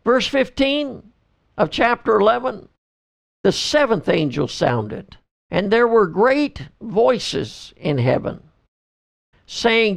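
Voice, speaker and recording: Man, preacher, Bible study podcast, measured delivery, high pitch, heavy vocal fry. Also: sing-song. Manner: deliberate, reads scripture in slow measured phrases. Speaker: pastor and podcast host. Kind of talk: slow verse-by-verse Bible teaching.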